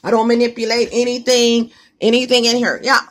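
A woman's voice: a little high, level tone, fairly quick, a bit bright. A woman vlogging from her home kitchen on a phone, talking emphatically and repeating herself as she speaks straight to her viewers. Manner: emphatic, repetitive, addresses viewers directly. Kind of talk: casual phone vlog to viewers.

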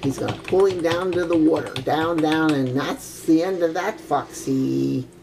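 A woman's voice: low-pitched, measured pace, creaky, noisy background. An older grandmother casually commenting as she plays a video game, chatty and exclamatory, with old-fashioned oaths and frequent giggles. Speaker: gaming grandmother.

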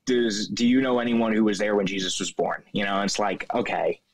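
A male caller argues his case earnestly and dismisses the other side's points. His voice is low. The sound is close and dry. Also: level tone, a little fast, no room sound. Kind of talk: call-in argument.

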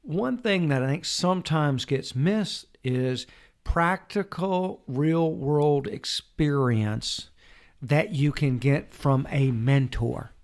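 A wealth advisor appears as a guest on a casual podcast interview, telling stories from his own past and acting out the quotes. His voice is on the high side, a little mellow, and slow in pace.

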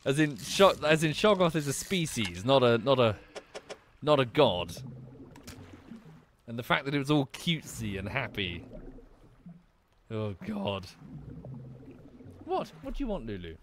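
Chatty man with lively pitch. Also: a little hiss or hum. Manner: chatty, wry, swears casually. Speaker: streamer. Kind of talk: casual gameplay commentary.

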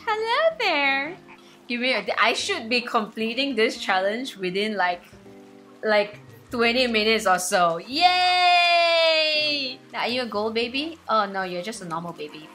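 A young woman, hosting a let's play and commenting excitedly as she plays. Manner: excitable, squealing highs and gasps. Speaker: gaming channel host. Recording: faint game music behind.

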